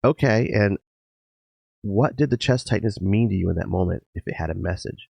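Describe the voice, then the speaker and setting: A man voicing a calm, patient woman therapist who asks gentle, persistent questions. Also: very deep voice, moderate pace, vocal fry, breathy edge, no echo, heavily acted.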